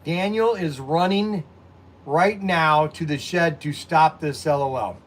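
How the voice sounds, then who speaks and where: A man's voice: a little high, takes it slowly. A man who runs a hobby shop, chatting casually and rambling to his viewers on a livestream, recorded on a phone set on a tripod. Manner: rambling, animated, talks to viewers directly.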